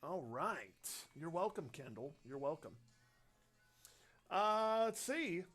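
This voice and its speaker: High-voiced chatty man hosting a radio livestream. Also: big pitch swings, slow pace, a bit bright, soft background music. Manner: rambling, chatty, upbeat. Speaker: radio host. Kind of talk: casual livestream chat, reading viewer questions.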